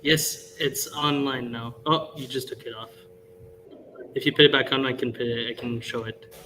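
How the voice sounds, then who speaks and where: A man moderating a festival panel in a conference hall, his voice bright and forward. He halts often and trips over a place name, keeping things informal. Faint noise sits behind him. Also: mid-range voice, steady tone. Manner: halting, stumbles over names. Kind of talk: live event hosting.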